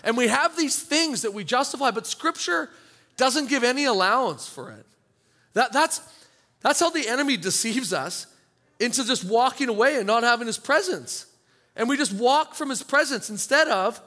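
Animated, bright-voiced male pastor. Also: very high-pitched, normal speed. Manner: animated, acts out congregants' inner voices. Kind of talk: sermon.

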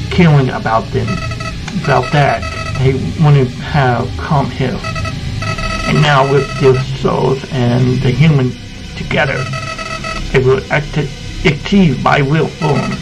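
An adult man voicing a sinister, scheming talking flower villain in a slow, taunting fan voice-over of a video game. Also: mid-range voice, rough recording. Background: game music.

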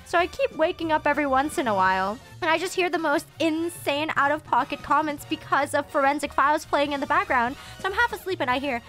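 A young woman vlogging, telling con stories in an animated, chatty way and cutting off her own swear words. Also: sits high, brisk, few pauses. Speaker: VTuber vlogger. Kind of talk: casual storytelling vlog. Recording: music bed under the voice.

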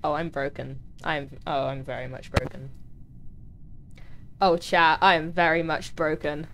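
Chatty woman streamer, slightly low voice. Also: fairly even intonation, unhurried, fairly bright tone, a little hiss or hum. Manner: chatty, talks to chat, voice jumps high when touched. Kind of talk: casual gaming livestream chat.

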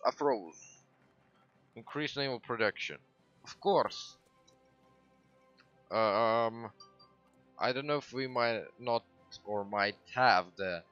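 Excitable swearing man streaming a game. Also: lowish voice, dull audio. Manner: excitable, swears, sudden loud outbursts. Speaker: gaming livestreamer. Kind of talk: casual gameplay commentary.

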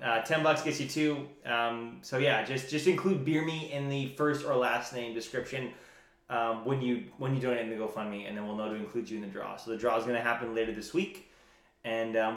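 A tipsy man of middling pitch, co-hosting a livestream with dry, joking asides that trail off. He is recorded in a roomy small apartment. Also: fairly even intonation, a little fast. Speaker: co-host. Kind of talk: casual livestream banter.

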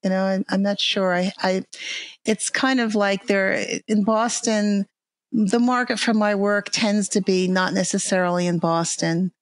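An older woman with a New York accent chats casually as a guest, halting and restarting often. Her voice sits at a middling pitch and sounds dry and close, with little room around it. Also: fairly even intonation, no room sound. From New York area. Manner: halting, many restarts and fillers, laughs easily. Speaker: guest artist and illustrator. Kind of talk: casual interview chat.

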